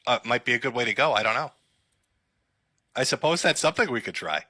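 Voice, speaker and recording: A man's voice: mid-range voice, animated, a little fast, sharp tone, dry recording, studio quality. A man hosting a live stream, commenting on clips in a mocking, profane way and laughing often. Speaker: livestream host.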